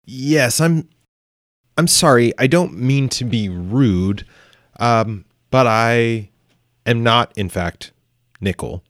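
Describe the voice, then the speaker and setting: A man playing a fed-up adventurer, slow and halting. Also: mid-range voice, no echo, studio quality, natural voice. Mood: polite. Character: exasperated male adventurer fed up with wrong name.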